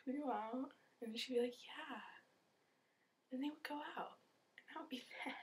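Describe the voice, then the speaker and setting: A young woman vlogging in a rambling, animated way, swearing and acting out characters in quick asides. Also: high-pitched. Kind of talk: rambling casual vlog.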